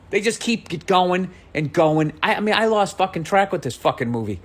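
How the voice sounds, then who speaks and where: A man's voice: high-pitched, expressive, normal speed, hardly any pauses, a bit bright, breathy edge. A man talking on a podcast, ranting with exasperation and profanity, voice swinging up and down. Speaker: comedian. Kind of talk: podcast rant.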